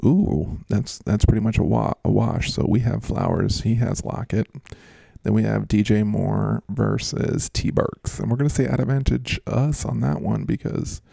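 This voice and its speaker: A man hosts a fantasy football show, chatting casually and joking as he goes. His voice is low and gravelly with a dark, mellow tone, and it sounds dry and close. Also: normal speed, no echo. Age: adult, works as a schoolteacher. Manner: jokey and rambling, with frequent laughs. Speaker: fantasy football podcast host. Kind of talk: casual chat.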